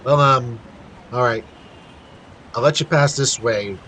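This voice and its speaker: A man voicing a calm, fatherly middle-aged police officer in a fan audio drama. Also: medium pitch, slow, slight background noise. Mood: kindly.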